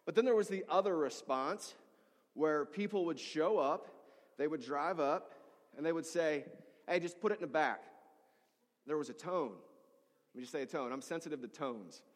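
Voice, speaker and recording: A middle-aged male pastor delivers a sermon in a reverberant church hall. His voice sits slightly high for a man. He tells stories with animation and briefly acts out the people in them. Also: normal speed.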